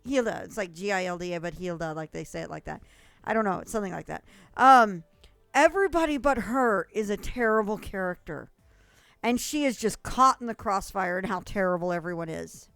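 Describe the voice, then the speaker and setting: A woman's voice: mid-range voice, lively intonation, a little fast, creaky, fairly bright tone, smooth, no room sound, soft background music. A young adult woman streamer chatting casually with viewers, gushing and rambling, with frequent coughs.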